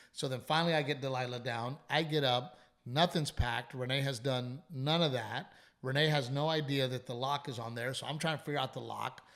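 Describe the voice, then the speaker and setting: Man telling a story animatedly. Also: mid-range voice. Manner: animated storytelling, frequent swearing, quick asides. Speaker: comedian podcast host. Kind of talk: casual chat.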